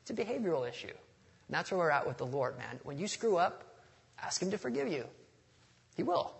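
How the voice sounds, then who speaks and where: A man's voice: a little high, very animated, a little fast, creaky. A man preaching a sermon in a conversational, storytelling way, with touches of humor and a passage read aloud.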